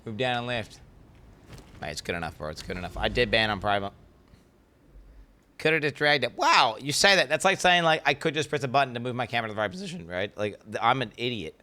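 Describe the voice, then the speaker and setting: Excitable ranting male streamer, bright voice. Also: mid-range voice, fast talker. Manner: excitable, ranting, swears freely. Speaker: game streamer. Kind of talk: casual live-stream chat.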